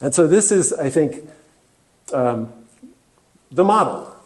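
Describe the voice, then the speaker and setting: A man's voice: on the high side, lively intonation, slow pace. A man giving a presentation talk as guest speaker, earnest and often restarting with fillers. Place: meeting room.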